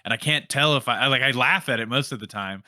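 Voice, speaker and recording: A man co-hosting a film podcast, talking casually in a halting way, often searching for words. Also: medium pitch, pushed and bright, dry recording, clean studio sound. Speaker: podcast co-host.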